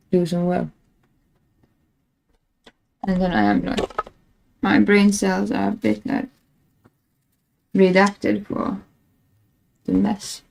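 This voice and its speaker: In casual live-stream chat, this woman rambles, laughs a lot at her own expense, and vents about her stream setup. Her mid-range voice is gravelly and a little mellow, and the recording is rough.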